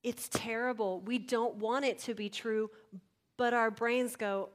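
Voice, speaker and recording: A woman with a higher voice preaches unhurriedly, her intonation fairly even. Her sermon is conversational, full of direct questions to listeners, and it veers between loud emphasis and hushed near-whispers.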